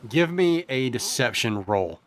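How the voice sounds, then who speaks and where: Male GM, expressive storytelling narration, mid pitch, laughs easily. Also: a little slow, a little hiss or hum. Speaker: game master. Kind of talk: narrating a tabletop game.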